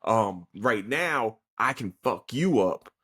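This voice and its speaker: Profane, excitable young man reviewing anime. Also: fairly low pitch, slow, husky. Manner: profane, excitable retelling with many fillers. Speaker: podcast host. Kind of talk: casual anime episode review.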